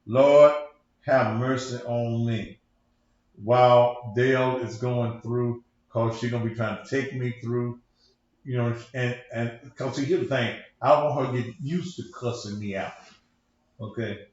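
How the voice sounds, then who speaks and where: A man's voice: medium pitch, steady tone, a little slow. Cussing pastor guy rambling on his stream, big echoey room, muffled lo-fi sound. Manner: rambling, profane, preacher-like. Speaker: pastor and show host. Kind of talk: casual livestream talk.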